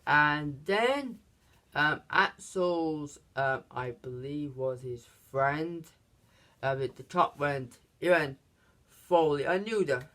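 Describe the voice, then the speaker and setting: A man giving a casual, rambling movie recap, halting often and restarting his sentences. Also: fairly high pitch, sharp tone. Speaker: movie reviewer.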